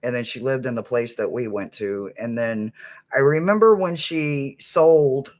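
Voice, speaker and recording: A man's voice: medium pitch, measured pace. A man chatting casually to viewers on a livestream, rambling between stories and humming snippets of songs. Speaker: livestream host.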